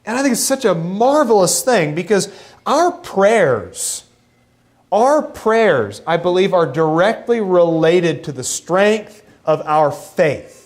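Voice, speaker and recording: A man preaching a sermon in a church, animated and acting out the voices he quotes. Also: takes it slowly. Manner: animated, acts out quoted voices with rising pitch. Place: church sanctuary.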